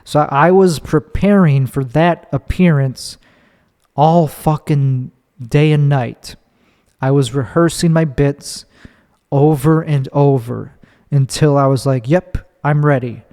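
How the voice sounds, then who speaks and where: A slightly high-pitched man in his thirties from Chicago talks on his own podcast with a loose, rambling candor, swearing freely and restarting sentences as he goes. His voice carries a long, reverberant hall echo. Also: slow pace, mellow. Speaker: podcast host and stand-up comedian. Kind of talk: casual solo storytelling.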